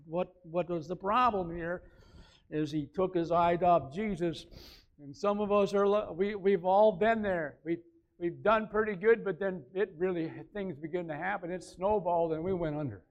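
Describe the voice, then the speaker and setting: A man's voice: high voice, moderate pace. A man preaching a conversational sermon, repeating phrases and rising to emphatic peaks. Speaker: pastor.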